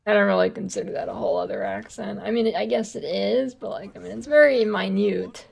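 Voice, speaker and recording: American woman streamer, mid-pitched and heavily fried, rambling and profane. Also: very animated, brisk, vocal fry, a little mellow, husky. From United States. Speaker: game streamer. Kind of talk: casual gaming stream chat.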